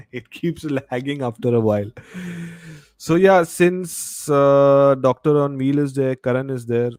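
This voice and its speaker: A man's voice: medium pitch, measured pace, darkish tone, clean tone, no room sound, studio quality. A man with a bad cold, hosting a casual live stream, chatting and reading viewer comments aloud. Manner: chatty, reads viewer comments aloud, mixes Hindi into English.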